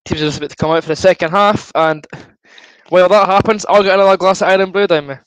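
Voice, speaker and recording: High-voiced Scottish man reading chat. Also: fast, a bit bright, no room sound, rough recording. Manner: chatty and good-humoured, reads out comments and answers them. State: queasy from drinking fizzy juice. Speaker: livestream host. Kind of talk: casual watchalong chat, reading viewer comments.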